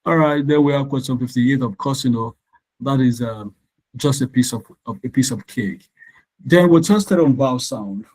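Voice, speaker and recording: A male tutor giving a live online lesson, talking students through exam questions at a measured, explanatory pace. His pitch sits in an ordinary middle range, and he stops now and then to check whether the class can hear him through his computer mic. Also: a little mellow, poor audio.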